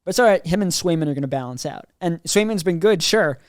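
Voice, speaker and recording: A man with a fairly high voice breaks down playoff hockey. He talks emphatically in quick bursts, casual and opinionated. The recording is dry and close. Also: animated, clean tone, no echo. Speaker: podcast co-host.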